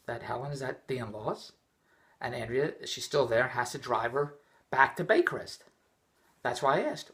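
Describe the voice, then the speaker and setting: A man's voice: mid-range voice, very animated, moderate pace, pauses often, bright, forceful tone. A middle-aged man vlogging indoors, telling a rambling, exasperated story with many restarts. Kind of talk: rambling personal vlog rant. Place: indoors, just came in from the rain.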